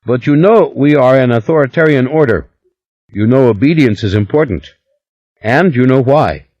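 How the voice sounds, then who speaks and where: A man reading an audiobook, voicing a big, calm man with a Scandinavian accent who speaks in a low, conciliatory way. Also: normal speed, no room sound, highs cut off, lightly acted.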